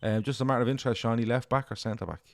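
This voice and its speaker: A man's voice: mid-range voice, steady tone, creaky, no room sound. A man hosting a casual football quiz podcast, running questions and calling answers right or wrong. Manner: brisk quizmaster, reads questions and scores answers. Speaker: quiz host.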